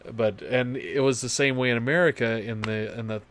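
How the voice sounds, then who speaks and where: A man's voice: mid-range voice, fairly even intonation, fairly quick, fairly bright tone, slight background noise. A middle-aged man with an East Tennessee accent, co-hosting a casual chat and telling stories. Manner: storytelling, restarts often. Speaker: podcast co-host.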